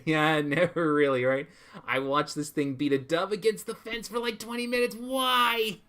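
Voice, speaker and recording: A man's voice: a little high, fairly even intonation, normal speed, bright, forceful tone. A young man from California chatting casually on a livestream, reading viewer comments aloud and riffing on them with laughs. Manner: chatty, reads chat aloud and riffs with laughs. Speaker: streamer drawing and reading chat.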